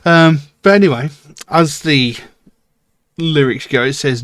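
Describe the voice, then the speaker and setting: A man hosting a music reaction channel, thinking aloud in casual commentary, with many pauses and fillers as he muses over a track. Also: fairly high pitch, fairly bright tone, dry recording, studio quality.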